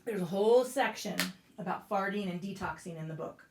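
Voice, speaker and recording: A woman yoga instructor guiding a class out loud, casual and profane, breaking off into blunt joking rants. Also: mid-range voice, fairly quick, slight background noise. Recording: echoey room.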